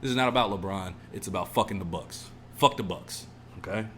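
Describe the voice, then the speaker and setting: A man's voice: sits low, a little fast, fairly bright tone, slight background noise. A man co-hosting a casual podcast, ranting emotionally and swearing a lot. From California. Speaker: podcast co-host. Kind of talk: casual chat.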